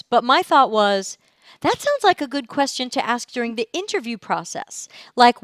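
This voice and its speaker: A woman's voice: on the high side, fairly bright tone, clean tone, dry recording. A woman hosting a podcast, talking casually with a guest and using plenty of fillers. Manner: chatty, many fillers. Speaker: podcast host.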